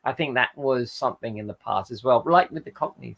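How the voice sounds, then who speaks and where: A man's voice: medium pitch, brisk, gravelly, fairly bright tone. A tired man hosting a casual livestream, reading out viewer comments and rambling with lots of hesitations. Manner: rambling, hesitant, with frequent fillers and self-corrections. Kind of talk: casual chat.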